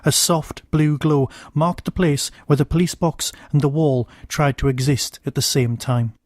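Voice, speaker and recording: A man, the host of a podcast, narrating a short story in a measured, steady reading. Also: on the high side, no echo.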